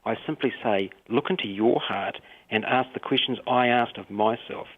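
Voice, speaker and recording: A mayor from New Zealand with a New Zealand accent, speaking passionately and emotionally in a radio interview over the phone. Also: male voice, medium pitch, normal speed, slightly rough. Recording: tinny phone line.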